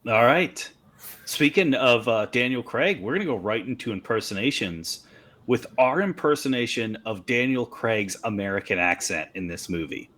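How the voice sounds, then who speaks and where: A man's voice: medium pitch, lively intonation, normal speed, fairly bright tone. A man co-hosting a casual movie podcast, laid-back and wry. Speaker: podcast co-host.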